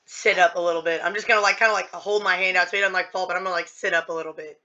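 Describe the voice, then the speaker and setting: Woman player, casual and emotional, bright tone, dull recording. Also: lowish voice, steady tone, rapid-fire. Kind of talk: casual tabletop play.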